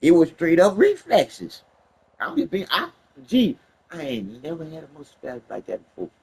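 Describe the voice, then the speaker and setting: A man telling a story casually, animated and profane, laughing along the way. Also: on the high side, moderate pace, slightly rough, low-quality recording.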